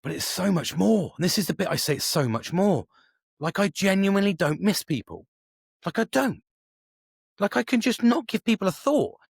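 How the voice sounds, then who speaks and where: Sweary, animated man in his forties. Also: sits high, moderate pace, gravelly, slightly rough, no echo, clean studio sound. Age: 40s. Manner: rambling, swears often, many restarts. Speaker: podcast host. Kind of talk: casual solo monologue.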